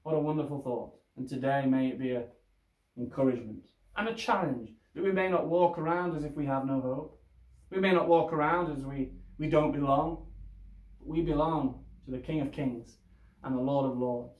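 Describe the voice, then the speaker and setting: A man preaching a sermon as pastor, slow and deliberate, pressing his listeners with rhetorical questions. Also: fairly high pitch, echoey room, muffled recording.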